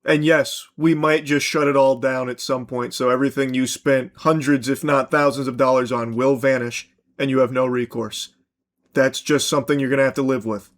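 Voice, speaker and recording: A man's voice: fairly even intonation, moderate pace, close to an everyday voice. A man doing a smug corporate salesman voice. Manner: sarcastic, mock-salesman pitch. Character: smug corporate spokesman mocking gamers.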